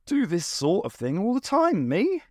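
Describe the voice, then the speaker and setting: A man voicing a brisk, eccentric male time traveller who is confident and theatrical, talking quickly and playfully and at times hushed and grave, in a raised voice. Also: a little high, sing-song, no room sound, studio quality. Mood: breezy.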